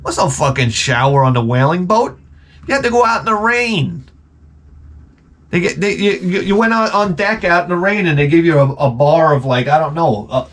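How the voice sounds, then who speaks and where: A man hosting his channel, talking in a rambling comedic monologue and swearing constantly. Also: on the high side. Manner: rambling, jumps between jokes. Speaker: host of a retro gaming channel.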